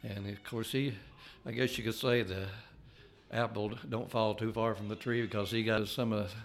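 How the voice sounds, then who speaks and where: An older man giving an earnest personal testimony, halting and restarting as he talks. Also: fairly low pitch, fairly even intonation, creaky, a little hiss or hum. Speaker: layman giving a faith testimony.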